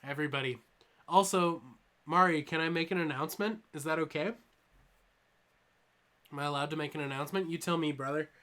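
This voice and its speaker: A man's voice: on the high side, fairly even intonation, a little fast, long pauses, pushed and bright. A young man casually hosting a live stream, loose and joking, with lots of ums as he answers chat. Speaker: toy channel host streaming live.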